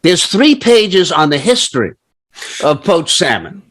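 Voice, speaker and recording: An older man co-hosting a casual talk show, telling stories in an animated, mock-ranting way. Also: fairly high pitch, measured pace. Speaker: podcast co-host. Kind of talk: casual chat.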